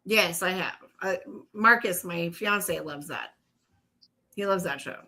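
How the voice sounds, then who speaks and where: A woman's voice: on the low side, slow, sharp tone, poor audio. A woman from North Carolina, co-hosting a podcast, giggly and upbeat as she reads viewer comments. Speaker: podcast co-host. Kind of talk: casual chat.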